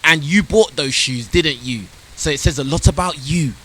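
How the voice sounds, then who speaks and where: A man's voice: a little high, normal speed, fairly bright tone, a little hiss or hum, rough recording. A man giving blunt, mocking reaction commentary.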